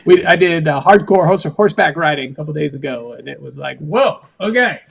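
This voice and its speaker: A man being interviewed on a podcast, telling rambling, animated stories. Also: a little high, moderate pace, creaky. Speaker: podcast guest. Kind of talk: casual interview.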